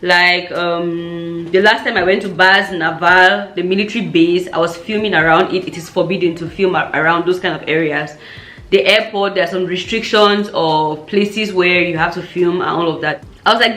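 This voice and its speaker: A woman from Cameroon, telling a storytime vlog in an animated way and acting out the voices of the people she quotes. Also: lowish voice, moderate pace. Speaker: YouTuber. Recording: roomy echo.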